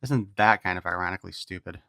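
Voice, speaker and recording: A man's voice: sits low, quick pace, gravelly, sharp tone, no room sound, clean studio sound. Wisecracking man reviewing a toy. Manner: wisecracking, irreverent asides. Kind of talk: casual unboxing review.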